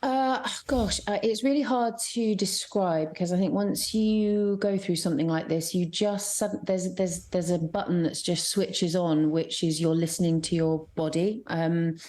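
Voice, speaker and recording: Middle-aged actress guest from Scotland, lower register, candid and chatty with frequent restarts. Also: female voice, fairly even intonation, mellow. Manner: candid, chatty, many restarts and fillers, quick bursts. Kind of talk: radio interview.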